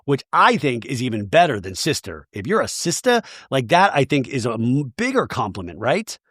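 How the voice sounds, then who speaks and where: Animated, chatty male podcast host. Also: mid-range voice, moderate pace, no room sound, clean studio sound. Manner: animated, chatty, gossipy storytelling. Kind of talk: comedic recap of a reality show.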